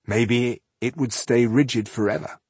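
Husky guy narrating fantasy, steady pace, dry close mic. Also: mid-range voice, no room sound. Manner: steady, measured storytelling. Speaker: audiobook narrator.

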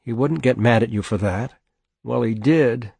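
A man voicing a patient, weary farm mother who speaks gently but firmly to her sick son. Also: medium pitch, measured pace, creaky, husky, no echo. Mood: soothing, firm.

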